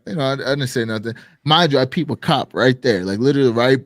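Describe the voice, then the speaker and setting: A man co-hosting a live stream show, telling a story in casual chat, animated and swearing, acting out quotes loudly. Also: mid-range voice, quick pace, no echo. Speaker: podcast co-host.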